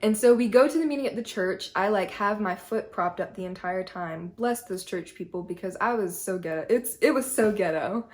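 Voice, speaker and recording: Telling a personal story, a young woman vlogger chats casually and keeps dropping in "like." She speaks in a mid-range voice at a moderate pace, barely pausing.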